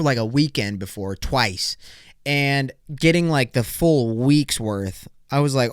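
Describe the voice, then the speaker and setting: A young man in his twenties hosting a solo podcast, rambling, profane and high energy. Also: big pitch swings, brisk, pushed and bright, clear, resonant tone, no echo, studio quality. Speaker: podcast host.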